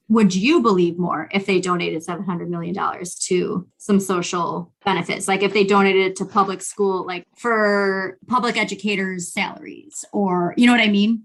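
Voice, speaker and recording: Chatty woman podcast co-host. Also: mid-range voice. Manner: animated storytelling, acts out quotes. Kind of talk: casual chat.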